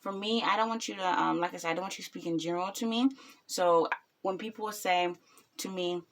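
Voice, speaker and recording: Blunt rambling young woman, lowish voice. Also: a little fast. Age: 20s. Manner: blunt, rambling, frequent ums. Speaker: vlogger and new mother. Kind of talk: casual reaction vlog talk.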